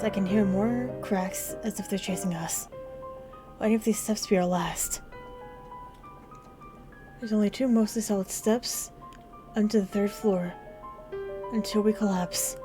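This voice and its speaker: A woman at a middle pitch reads a narrative game aloud as its heroine, in an emotional, intense first-person delivery. Her voice rises in urgent moments. Game music plays clearly behind her. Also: fairly even intonation, unhurried, pauses often. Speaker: gaming video host. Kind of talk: dramatic reading of a narrative game.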